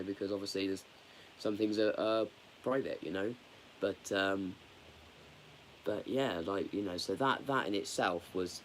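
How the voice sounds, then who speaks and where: A man chatting candidly on a live stream, rambling and halting. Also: fairly low pitch, a little mellow, a little hiss or hum. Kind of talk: casual live stream chat.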